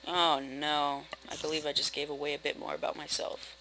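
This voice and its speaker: A young man rambling through casual, self-mocking commentary while playing a building game, with sudden loud outbursts. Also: fairly high pitch, level tone, moderate pace, vocal fry, very noisy. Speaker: gaming video host. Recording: game music playing behind. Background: game music.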